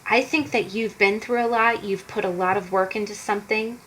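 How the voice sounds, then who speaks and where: A woman's voice: mid-range voice, steady tone, moderate pace, a bit bright, slight background noise, rough recording. A woman giving a casual tarot card reading to viewers, chatty and encouraging, often repeating herself.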